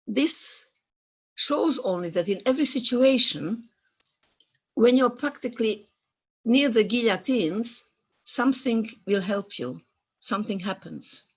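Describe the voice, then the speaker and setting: A woman's voice: fairly high pitch, lively intonation, a little slow, pauses often, slightly rough. A woman in her eighties from the former Yugoslavia tells her own wartime story. She searches for words in non-native English and grows stirred up as she remembers. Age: 80s. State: stirred up by memories. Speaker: Holocaust survivor guest speaker. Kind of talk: personal testimony at an online talk.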